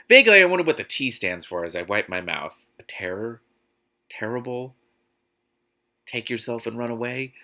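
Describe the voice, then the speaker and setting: A man's voice: mid-range voice, very animated, moderate pace, pauses often, pushed and bright. A man reading a novel aloud with exasperated, sarcastic commentary. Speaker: host reading a book aloud.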